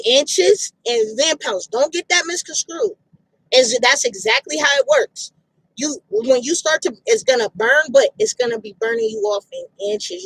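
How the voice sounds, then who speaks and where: A woman's voice: very high voice, creaky, a bit bright, no room sound, rough recording. A woman giving a casual, emphatic fitness pep talk outdoors, repeating her points bluntly with slangy phrasing. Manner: emphatic, repetitive, direct, street slang. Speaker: fitness motivator.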